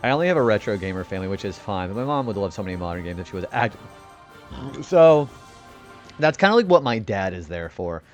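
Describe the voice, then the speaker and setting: Brief: a laid-back young man streaming games, casual and animated, with soft background music. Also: lowish voice, fast. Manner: chatty and laid-back, greets viewers, laughs often. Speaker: game streamer. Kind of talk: casual live-stream commentary.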